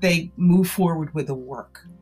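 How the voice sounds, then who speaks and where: A psychic and tarot-reading author talks in an interview with an animated, persuasive storytelling drive. Her voice sits very low for a woman. She leans hard on her key words. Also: unhurried, breathy edge, faint music behind. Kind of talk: interview conversation.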